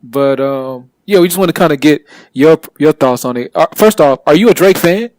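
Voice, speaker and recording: Man, co-host, hesitant, fillers, fairly high, dry close sound. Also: a little mellow, no echo. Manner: halting, many fillers. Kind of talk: casual podcast chat.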